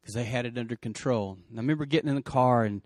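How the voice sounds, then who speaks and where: A man's voice: medium pitch, rapid-fire, a little mellow, no echo, clean studio sound. A middle-aged man earnestly retelling an emotional story, with many restarts. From West Texas. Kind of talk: personal storytelling.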